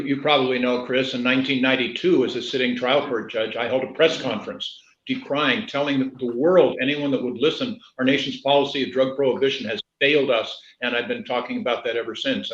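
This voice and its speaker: An earnest man of middle pitch telling stories as a candidate. His voice comes through a roomy, echoing space, and the call audio is dull and muffled. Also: fairly even intonation, fairly quick, a bit bright. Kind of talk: measured conversational answers. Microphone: video call.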